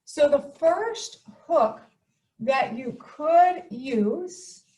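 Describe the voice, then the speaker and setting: Upbeat lady teacher walking kids thru a writing lesson, kinda high voice. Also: lively intonation, warm tone. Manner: upbeat, explains slowly and stresses key words.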